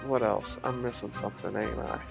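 A man's voice: mid-range voice, steady tone, a little fast, vocal fry, faint music behind. A man playing a tabletop game, chatting casually with lots of fillers and easy swearing. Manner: laid-back, swears casually, many fillers. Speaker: player.

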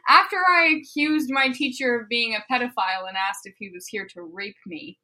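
A woman co-hosting a casual comedy chat, reading a fan fiction aloud with animated exclamations. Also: a little high, moderate pace, low-quality recording. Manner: animated, bursts into loud exclamations and laughter.

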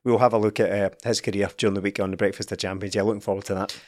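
A man's voice: on the low side, flat delivery, racing, a little mellow. A man, co-hosting a football podcast, making dry asides and laughing often. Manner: laughs easily, wry asides. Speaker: podcast co-host. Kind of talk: casual football chat.

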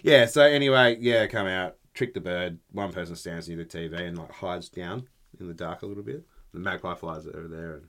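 A man's voice: low voice, fairly quick, fairly bright tone. A middle-aged man, co-hosting a podcast, telling stories in a laid-back, chatty way and swearing freely. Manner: laid-back storytelling, swearing, frequent laughs. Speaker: podcast co-host. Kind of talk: casual chat.

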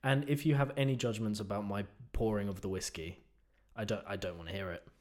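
A man's voice: on the low side, steady tone, a little fast. A man co-hosting a podcast in casual conversation, jokey and self-mocking, laughing often. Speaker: podcast co-host. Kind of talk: casual chat.

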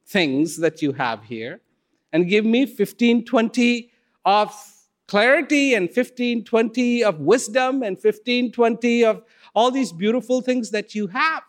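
A man voicing an amazed, curious male shopper who talks with rising excitement. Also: a little high, full character voice.

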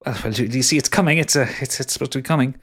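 A man voicing a nervous, fawning male bar performer in a theatrical high voice. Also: very fast, a bit bright, lightly acted. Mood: flustered.

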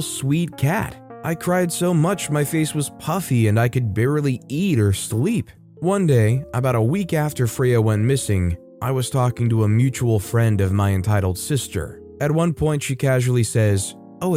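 A man reading stories aloud in an expressive, emphatic way, with wry asides. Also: mid-range voice. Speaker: story narrator.

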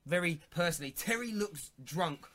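A man in his thirties hosting a sports radio phone-in, chatty and jokey, quick to cut in. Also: high voice, lively intonation, a bit bright. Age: 30s. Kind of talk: casual sports radio chat.

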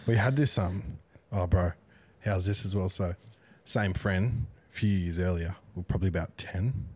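A man's voice: low-pitched, moderate pace, breathy edge. A young man co-hosting a podcast, telling a laughing, swearing anecdote in casual chat. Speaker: podcast co-host.

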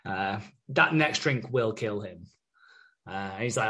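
A man's voice: lowish voice, lively intonation, a little slow, bright, forceful tone, husky. Sweary man casually recapping a soap. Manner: sweary, recaps scenes by acting out characters' lines. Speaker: podcast co-host recapping a soap. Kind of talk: casual chat.

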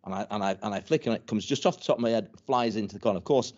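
Speaking very fast in a low, darkish voice, this older ex-footballer guest chuckles and stumbles through anecdotes in a casual interview, restarting and repeating words often. The audio is dull and lo-fi.

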